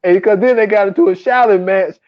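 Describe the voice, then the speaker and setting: A man's voice: sits high, a little fast, no room sound, muffled recording. A man co-hosting a casual movie podcast, talking in slang, laughing often and acting out scenes in quoted voices. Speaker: podcast co-host. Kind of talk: casual chat.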